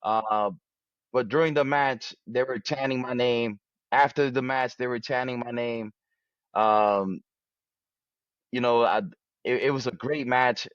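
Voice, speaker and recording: Halting man with a muffled, dry sound. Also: mid-range voice, dry recording. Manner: halting, many restarts and fillers. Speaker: wrestler, interview guest. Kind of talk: casual interview talk.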